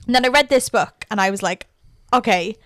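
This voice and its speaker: A woman's voice: a little high, fairly quick, fairly bright tone, dry recording, clean studio sound. A woman co-hosting a casual livestream podcast, gushing about books with lots of filler words. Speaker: podcast co-host.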